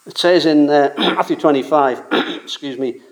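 An earnest male preacher delivering a sermon in a somewhat high voice. He speaks with emphasis, leaning on and repeating key words as he reads and explains scripture. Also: moderate pace.

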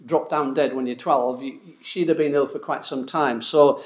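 A man's voice: mid-range voice, steady tone, moderate pace. A man preaching a sermon in an earnest, explanatory way, often restarting words, in a church hall. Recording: roomy echo.

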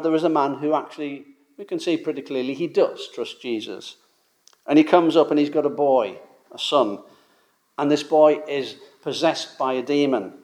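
Emphatic man preaching a sermon. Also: medium pitch. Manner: emphatic, rises and falls in loudness for stress.

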